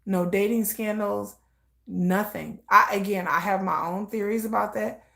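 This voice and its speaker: A woman giving casual live reaction commentary, gossiping in an animated way and acting out quoted lines. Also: medium pitch, measured pace, vocal fry.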